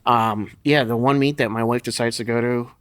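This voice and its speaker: A man's voice: mid-range voice, steady tone, normal speed, a bit bright, clean tone. A middle-aged man, a podcast guest, telling blunt, profane stories in casual conversation and laughing as he goes. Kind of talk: casual storytelling interview.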